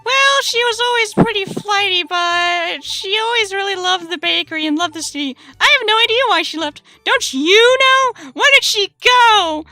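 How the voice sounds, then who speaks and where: A woman voicing a frazzled, overworked female brownie baker from fair folk, in an excitable squeaky voice. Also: normal speed, hardly any pauses, no echo, soft background music, heavily acted. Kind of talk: voice-acting a visual novel.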